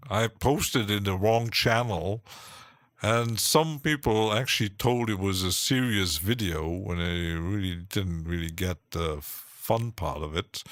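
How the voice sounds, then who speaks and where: Slow, low-voiced man rambling on stream. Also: fairly bright tone, dry recording, clean studio sound. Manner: rambling, halting, with many restarts and frequent laughs. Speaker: live-stream host. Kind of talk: rambling casual chat on a live stream. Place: home studio.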